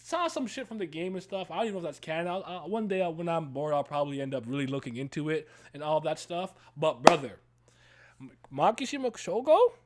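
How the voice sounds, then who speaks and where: A young man co-hosting a casual stream, hyped and excitable, with loud bursts, frequent laughs and free swearing. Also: on the high side, fast talker, a little hiss or hum. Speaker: stream co-host.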